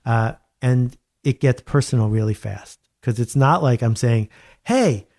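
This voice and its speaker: Picture a man in a home studio talking as an author being interviewed, with a voice of ordinary depth. His delivery is wry and animated, and he hammers points home by repeating them. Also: medium pitch, moderate pace. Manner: animated, wry storyteller with emphatic repetition. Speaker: guest author. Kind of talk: conversational interview.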